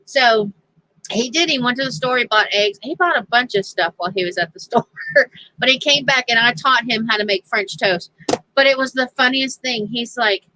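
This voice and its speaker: A woman's voice: on the high side, normal speed, bright, forceful tone, slight background noise, low-quality recording. A woman telling a casual story on her crafting channel, chatty and laughing often as she quotes others.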